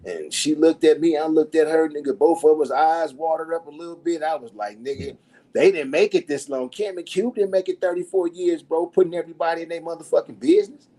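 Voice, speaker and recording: Middle-aged male guest, husky and mellow, raucous storyteller who mimics the people he quotes. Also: a little fast, rough recording. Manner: animated and profane, acting out quotes with big pitch swings. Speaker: podcast guest. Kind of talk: casual storytelling.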